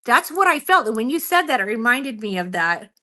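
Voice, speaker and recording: A woman who is a guest on a radio talk show, telling a personal story in an animated, expressive way and laughing often. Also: fairly high pitch, fairly quick. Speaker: Bigfoot researcher guest.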